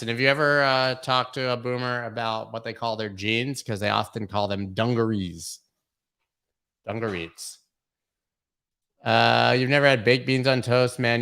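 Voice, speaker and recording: A man's voice: fairly low pitch, gravelly, bright, forceful tone. A young man hosting a live stream, chatting casually, reading out viewer questions and joking around with them. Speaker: host of a live crypto charting stream.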